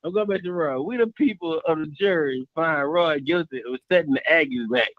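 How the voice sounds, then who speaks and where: A man calling in to a talk show, loudly ribbing rivals with laughter and profanity. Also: a little high, fairly quick, no echo, narrow, tinny audio. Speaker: caller. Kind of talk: joking call-in banter.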